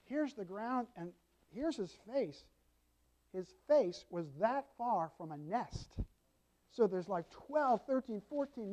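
A man's voice: sits high, darkish tone. An older man, a grandfather, preaching a sermon as pastor and telling homely stories with asides to the congregation. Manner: folksy storytelling with congregation asides.

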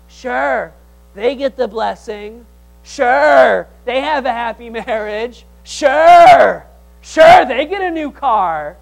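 A male pastor preaching a sermon, swinging from loud exhortation to hushed tones, with teasing humor and call-and-response. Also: very high-pitched, unhurried, vocal fry, low-quality recording.

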